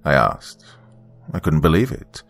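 A man with a very low voice reads a first-person story in a subdued, measured way. Soft music plays faintly beneath his narration. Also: huge pitch swings, creaky.

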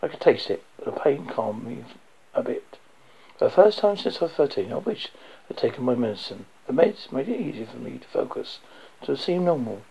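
A man reading a dark first-person story aloud, low and intense, sometimes dropping to a whisper. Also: big pitch swings, normal speed, gravelly, slightly rough. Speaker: audiobook narrator. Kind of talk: first-person audiobook narration. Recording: dull lo-fi recording.

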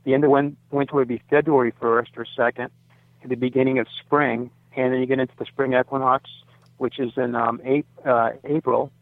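A man in his sixties from the US, a site owner, rambles as a radio interview guest, full of fillers and self-corrections. His medium-pitched voice is flat and a little fast, and the phone-line recording is dry.

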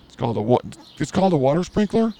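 A man's voice: fairly high pitch, very animated, fast, mellow. A man hosting a podcast, telling a crude story in a rambling, self-mocking comedic way. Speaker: podcast host.

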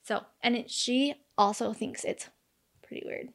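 A woman's voice: a little high, unhurried, fairly bright tone. A woman in her thirties casually recounting a true crime case, chatty and full of fillers, acting out the quoted lines. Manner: chatty, many fillers, acts out quoted dialogue.

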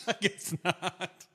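A man's voice: sharp tone, in a large hall. A man hosting a casual podcast chat, enthusiastic and often laughing as he tells stories. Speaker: podcast host.

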